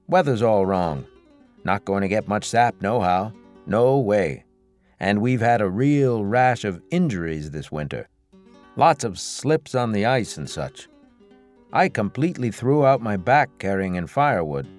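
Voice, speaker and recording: A man voicing a gruff older maple farmer who grumbles and complains. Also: lowish voice, expressive, measured pace, soft background music. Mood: grumbling.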